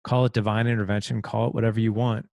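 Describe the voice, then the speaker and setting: A man in his thirties, a podcast host, telling an emotional personal story in a halting, confessional way. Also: fairly low pitch, little pitch movement, creaky, darkish tone, no echo.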